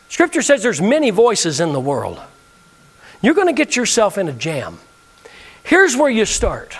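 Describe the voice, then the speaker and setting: Lively, high-voiced man preaching in a hall. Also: a little slow, long pauses, breathy edge. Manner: preaching with call-and-response, lively and emphatic. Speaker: pastor. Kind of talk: sermon. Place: church sanctuary.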